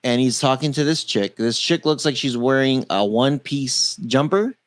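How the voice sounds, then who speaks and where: A man's voice: mid-range voice, lively intonation, moderate pace, no room sound. A man co-hosting a tech-news podcast, chatting casually, joking and cursing freely. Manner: loose, joking, laughs often, swears. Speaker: podcast co-host.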